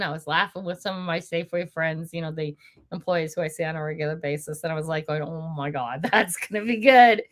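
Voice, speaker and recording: Older woman, livestream host, forceful bright voice, chatty, laughs a lot, blunt. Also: on the low side. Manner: chatty, laughs often while telling stories; blunt and indignant. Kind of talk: casual livestream chat.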